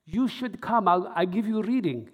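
An insistent fortune-teller woman with a thick Eastern European accent and broken English, as a male storyteller puts her on. her voice is pushed well up high above the man's own. it rings in a big hall with a long tail of echo. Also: expressive, moderate pace, slightly rough. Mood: pleading. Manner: pleading, insistent offers. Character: insistent middle-aged fortune-teller woman, eager and kindly.

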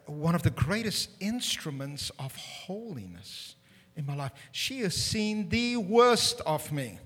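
Male preacher, sermon, bright tone, husky edge, animated with loud emphatic peaks, long hall reverb. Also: on the high side. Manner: humorous, self-deprecating asides.

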